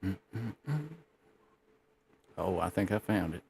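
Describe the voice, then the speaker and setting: A man with a fairly low voice delivers sarcastic running commentary over video clips. He puts on a folksy, mock-patriotic drawl, throwing in "brother" and "God dang" for effect. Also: lively intonation, takes it slowly, vocal fry, a little mellow, slight background noise. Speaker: co-host reacting to clips.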